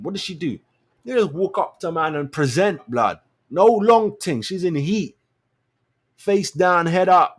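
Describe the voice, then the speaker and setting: A man hosting a show, ranting his opinions in blunt, slangy, animated talk. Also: slightly rough. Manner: animated, slangy and blunt, swings between low mutters and loud outbursts. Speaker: show host. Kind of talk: casual opinion rant.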